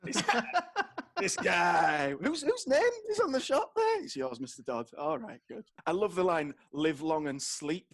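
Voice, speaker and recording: Man, podcast host, joking chat, higher voice, very lively intonation. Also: takes it slowly, vocal fry. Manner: joking, animated. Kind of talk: casual comedic chat.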